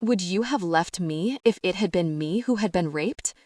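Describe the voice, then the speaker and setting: A woman's voice: on the low side, animated, normal speed, darkish tone, no room sound, studio quality. A woman reading the lines of an anguished young man confessing old trauma, in a strained, choked voice. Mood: bitter. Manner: strained, choked, hissing delivery. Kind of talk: audiobook character reading.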